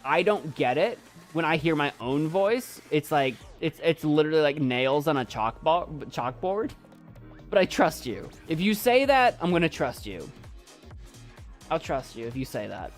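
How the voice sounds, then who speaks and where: A man talking casually to his viewers in a calm, soft voice that swings lively up and down in pitch. He stops and restarts often, choking up as he speaks. Faint music plays under him. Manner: halting, many restarts, choked up and emotional. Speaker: YouTube creator and poet. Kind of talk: casual live chat with viewers.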